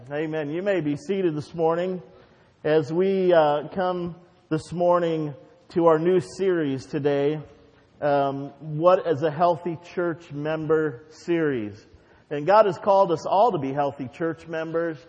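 Fervent pastor with long hall echo. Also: male voice, a little high, darkish tone. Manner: fervent repetitive prayer, then conversational storytelling. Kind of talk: prayer and sermon. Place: church sanctuary. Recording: dull, reverberant church recording.

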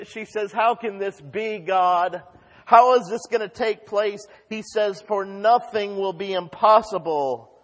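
High-voiced man preaching in an echoing hall. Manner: impassioned preaching, swinging from hushed to shouted. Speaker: pastor. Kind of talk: sermon. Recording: long reverb of a large hall.

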